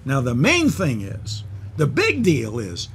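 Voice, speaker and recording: An older man hosting a TV talk show, chatting casually and jokingly with a guest, with a slightly husky voice and big swings when he tells a story. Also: slow pace. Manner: animated, jokey, big pitch swings when telling stories. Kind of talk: casual TV interview chat. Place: TV studio.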